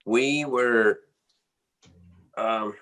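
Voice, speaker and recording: A man's voice: mid-range voice, drawn-out words, fairly bright tone. A man from the United States, a drummer being interviewed, telling a casual, rambling story full of fillers and restarts. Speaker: guest musician, drummer.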